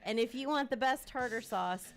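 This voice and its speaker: A woman's voice: a little high, normal speed, faint music behind. Giggly, teasing woman radio host. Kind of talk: casual radio chat.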